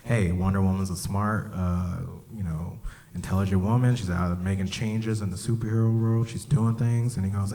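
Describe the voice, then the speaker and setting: A man telling stories in a stand-up comedy set at a club, acting out voices and breaking into shouts. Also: on the low side, brisk. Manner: animated storytelling, acts out voices, bursts into shouts. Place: comedy club stage, live audience.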